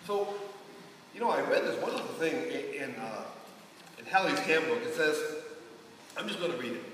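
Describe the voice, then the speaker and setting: A man's voice: a little high, lively intonation, normal speed, fairly bright tone, slight background noise. A man leading an informal Bible study, talking in a rambling, conversational way with many restarts and asides. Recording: echoey hall from far off.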